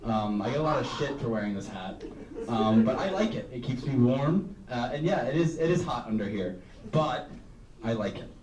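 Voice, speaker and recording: A man's voice: medium pitch, lively intonation, moderate pace, crowd noise. A young man doing a stand-up comedy set, rambling and self-deprecating, full of "um" and "like". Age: young adult. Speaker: student stand-up comic. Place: live comedy room with audience. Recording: roomy, distant live recording.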